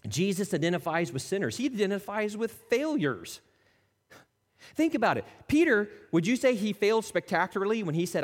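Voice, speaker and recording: A man preaching a sermon as a pastor, animated, acting out the people he quotes and dropping to soft, intimate tones. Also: high voice, normal speed. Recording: long reverb of a church hall.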